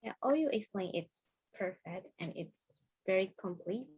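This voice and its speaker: A woman in a casual study-group discussion giving soft, brief, polite replies over lo-fi call audio. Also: medium pitch, lively intonation, moderate pace, breathy edge.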